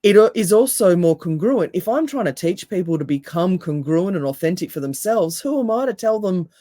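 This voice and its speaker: A woman with a deep voice, a hypnotherapist and coach speaking as a podcast guest with calm, emphatic, repeated phrases. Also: brisk, no room sound.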